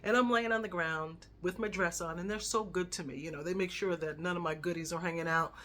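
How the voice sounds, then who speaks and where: A woman in her fifties telling a personal story in a chatty, animated way, often checking in with "right?". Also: on the low side, fairly quick. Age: 50s. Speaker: lifestyle vlogger.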